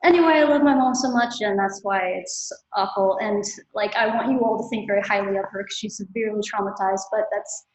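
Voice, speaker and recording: A woman's voice: medium pitch, fairly even intonation, brisk, hardly any pauses, lo-fi sound. A woman in her twenties sharing openly with a support group, rambling and emotional. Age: 20s. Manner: rambling, emotional, self-deprecating. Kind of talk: candid personal sharing. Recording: roomy echo.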